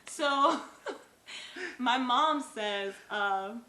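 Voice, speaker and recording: Brief: young woman, bright and slightly high voice, halting earnest storytelling, echoey room. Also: lively intonation. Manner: earnest, halting, with frequent fillers. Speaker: co-host, new mother. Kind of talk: casual personal storytelling. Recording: echoey room with faint noise.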